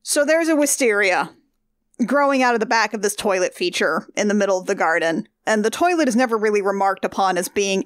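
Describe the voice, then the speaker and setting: A woman's voice: medium pitch, animated, brisk, no room sound, studio quality. Rambling woman recapping a movie. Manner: rambling, flustered, laughing asides. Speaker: podcast co-host. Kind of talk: casual movie recap chat.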